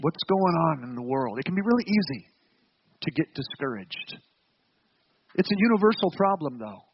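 A high-pitched man preaching a sermon with earnest emphasis, asking the congregation questions and often repeating his words. The recording is a little dull, with a faint hiss behind it. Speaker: pastor.

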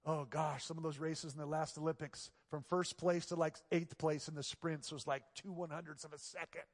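A man preaching a sermon from the pulpit, his voice sitting a little high for a man. He shifts from quiet, close passages into loud, emphatic outbursts. The sound carries a long reverb tail from a large church sanctuary. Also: fairly even intonation, normal speed. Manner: swings between hushed, intimate passages and loud, emphatic exclamations. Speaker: pastor.

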